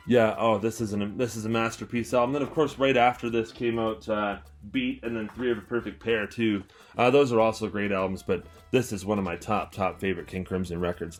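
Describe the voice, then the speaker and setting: Low-voiced enthusiastic young Canadian man. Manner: enthusiastic, rambling with many fillers and restarts. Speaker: record collector and store owner, channel host. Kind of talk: casual album-review chat to camera.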